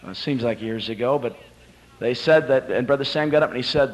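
A man's voice: mid-range voice, brisk, poor audio. A man preaching a sermon, telling a Bible story dramatically and rising to emphatic peaks.

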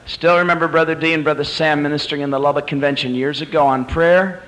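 A male preacher giving a sermon at a convention, retelling a story dramatically and swinging from hushed to climactic. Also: fairly high pitch, fairly even intonation, quick pace, hardly any pauses, rough recording.

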